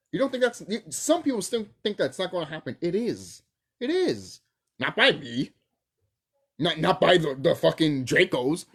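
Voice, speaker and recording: Young adult vlogger, husky voice, swooping lively pitch, profane rambling rant. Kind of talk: casual rambling talk to camera.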